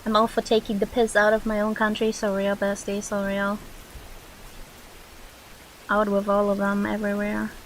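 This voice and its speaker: A woman's voice: mid-range voice, completely flat delivery, moderate pace, pauses often, slight background noise, poor audio. A young woman streamer chatting casually with viewers while drawing, swearing freely and reacting to chat.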